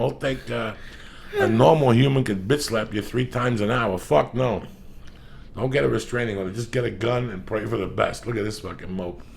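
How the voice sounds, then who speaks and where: Podcast host, male, gravelly, swears constantly in loud comic tirades. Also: fairly low pitch. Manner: loud, profane, ranting. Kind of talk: profane comedic rant.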